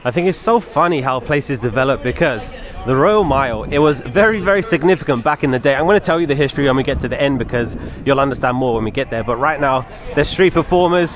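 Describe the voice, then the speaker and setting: A man's voice: medium pitch, animated, fast. A man filming a walking travel vlog outdoors on city streets, chatty and enthusiastic, often exclaiming at what he sees. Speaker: travel vlogger.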